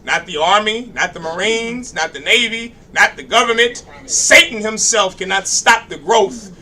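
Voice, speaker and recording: A man's voice: sits high, normal speed, sharp tone. A man leading a religious class, preaching and making announcements with loose, joking asides and call-and-response. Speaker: class leader. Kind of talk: sermon-style class address. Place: congregation hall.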